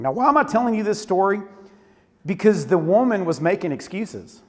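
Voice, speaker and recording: Man in his 40s, youth preacher, high voice, lively storyteller, hall reverb. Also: a little fast. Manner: animated storytelling with Southern "y'all". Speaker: youth pastor. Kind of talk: sermon. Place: church auditorium.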